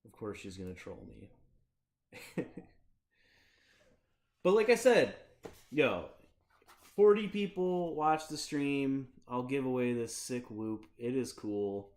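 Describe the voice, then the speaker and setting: A man of middle pitch, neither high nor low, hosting a relaxed livestream. He rambles with loose, laid-back chatter, swears casually and keeps breaking into laughter. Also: slow pace, pauses often. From Michigan. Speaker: streamer.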